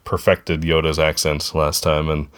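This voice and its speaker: A man with a very low, deep voice hosts a podcast in easygoing chat. He rambles, circles back and corrects himself mid-thought in a friendly tone. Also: flat delivery, measured pace, fairly bright tone, smooth. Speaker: podcast co-host. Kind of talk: casual chat.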